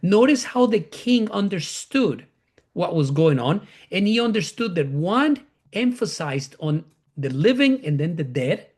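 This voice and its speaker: A man's voice: high-pitched, big pitch swings, unhurried, darkish tone, husky. A man teaching a Bible class, repeating key phrases, often restarting and correcting himself as he explains.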